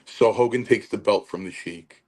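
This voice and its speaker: A man's voice: fairly low pitch, normal speed. A man telling stories in casual chat as a guest, acting out quotes with animation. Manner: animated storyteller, acts out quotes. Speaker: wrestling podcast guest.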